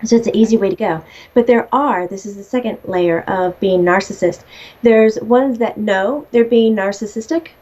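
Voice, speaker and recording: A woman's voice: mid-range voice, normal speed, darkish tone. A woman relaying messages as a medium in casual conversation, chatty, laughing often and swearing freely. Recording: slightly dull lo-fi audio.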